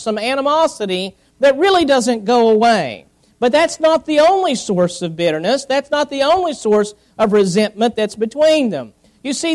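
A man preaching a Sunday sermon, working through Bible passages verse by verse and reading scripture aloud to the congregation. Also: very high-pitched. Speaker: pastor.

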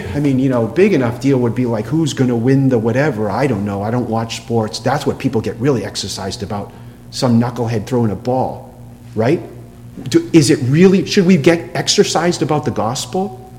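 A man preaching a sermon in an emphatic way, asking rhetorical questions and dropping to a soft hush for quoted lines. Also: medium pitch, normal speed. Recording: long hall reverb with faint hum.

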